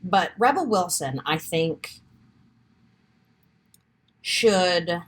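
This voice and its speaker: A woman's voice: lowish voice, expressive, very slow. A woman co-hosting a podcast, chatting casually, laughing often and rambling as she searches for words. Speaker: podcast co-host. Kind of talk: casual chat.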